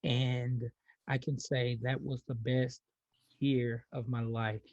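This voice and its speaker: A man's voice: mid-range voice, little pitch movement, takes it slowly, darkish tone, dry recording, muffled recording. A man, a podcast guest, telling a personal story in a casual way, often restarting his sentences. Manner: repeats words when starting, laughs lightly.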